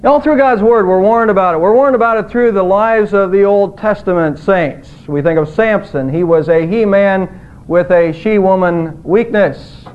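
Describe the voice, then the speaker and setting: A man's voice: high voice, normal speed, clean tone. A male pastor preaching a sermon in an earnest, emphatic way, his voice rising on quoted words. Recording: tinny phone-like audio.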